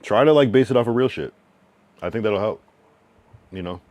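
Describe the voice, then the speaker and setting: On a dry recording, a New England livestreamer speaks in a fairly low, darkish, animated voice. Casually answering his chat after reading it aloud, he is frank and loose, lingering in slangy musings stuffed with fillers.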